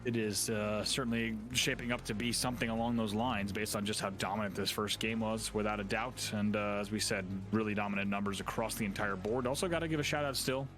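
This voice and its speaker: A man's voice: on the low side, fairly even intonation, brisk, hardly any pauses, fairly bright tone. A man giving wordy match analysis as an esports commentator. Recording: broadcast with music behind.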